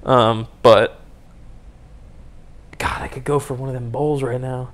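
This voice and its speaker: On his own podcast, this young host wanders from thought to thought, mocking himself with jokes and often starting sentences over. Here he speaks slowly in a mid-range voice with fairly even intonation.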